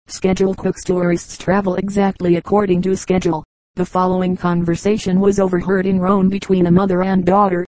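Casting: measured woman audiobook reader, warm dark tone, dry close mic. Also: on the low side, flat delivery, no echo, low-quality recording. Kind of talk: scripted narration of anecdotes.

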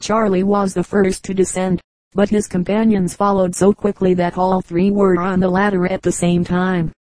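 A woman narrating an adventure novel in a steady, even reading that also voices the dialogue. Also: medium pitch, moderate pace, no room sound, rough recording. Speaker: audiobook reader. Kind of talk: scripted narration.

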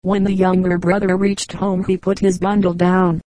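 A woman reading folk tales aloud as an audiobook narrator, in a calm, even storytelling delivery. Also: on the low side, moderate pace, dry recording, low-quality recording. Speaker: audiobook reader.

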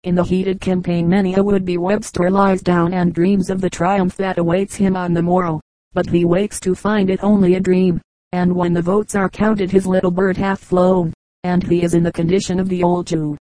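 Low, even-toned woman reading an audiobook. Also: moderate pace, no echo, rough recording. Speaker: audiobook reader. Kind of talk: audiobook narration.

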